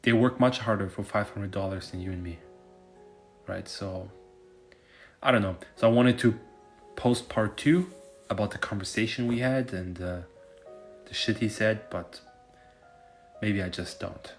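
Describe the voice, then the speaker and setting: Low-voiced guy, casual rambling vlog monologue, profane and filler-heavy, faint music underneath. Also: unhurried, pauses often. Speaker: finance content creator.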